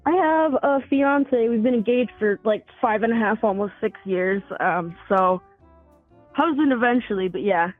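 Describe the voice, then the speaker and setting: A woman in her twenties comes through a thin, tinny phone line, her voice sitting a little high. She talks casually and rambles, filling gaps and swearing now and then, with faint music underneath. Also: normal speed. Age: 20s. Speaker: caller.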